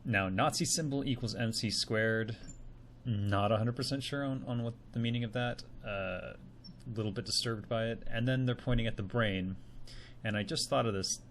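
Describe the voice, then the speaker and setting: A man's voice: fairly low pitch, fairly bright tone, slight background noise. A man giving casual, tentative commentary while analysing a video. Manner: musing, tentative.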